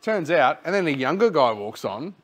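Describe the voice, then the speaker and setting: Australian man, podcast host, casual storyteller, profane and relaxed. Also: fairly high pitch, normal speed. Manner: rambling, laid-back, swears freely.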